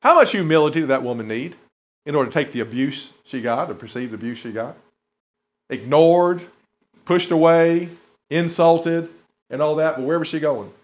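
A man's voice: fairly high pitch, moderate pace. A man preaching a sermon, retelling stories with emphasis, chuckles and asides to the audience. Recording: dull lo-fi recording.

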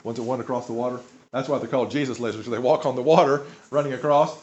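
A man's voice: mid-range voice, steady tone, very fast, darkish tone, lo-fi sound. A man preaching a conversational sermon to a congregation, in a folksy way, asking them questions as he goes. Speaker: pastor.

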